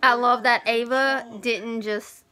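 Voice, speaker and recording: A woman's voice: fairly high pitch, steady tone, slow, bright, forceful tone. A woman casually reviewing a novel, rambling and enthusiastic, with many "you know" fillers and restarts. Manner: enthusiastic, loses train of thought. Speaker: book reviewer. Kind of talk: casual spoken book review.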